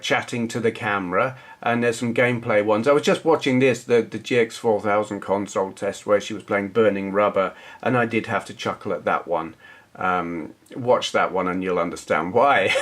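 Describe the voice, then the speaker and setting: A man's voice: on the low side, fairly bright tone. Rambling southern English man vlogging. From southern England. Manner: rambling, self-correcting, chatty. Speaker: retro gaming vlogger. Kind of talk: casual talk to camera.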